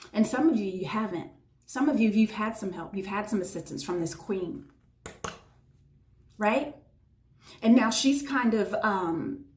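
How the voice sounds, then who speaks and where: A woman's voice: medium pitch, a little mellow. A woman giving a tarot reading to her viewers, talking in an effusive, emotional way and often checking in with "right?". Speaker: tarot reader. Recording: echoey room.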